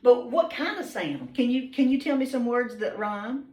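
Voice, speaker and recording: A woman's voice: fairly high pitch, animated, moderate pace, a little mellow. A woman teacher, patiently questioning students by name in a classroom, with frequent ums. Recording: roomy classroom, mic far off.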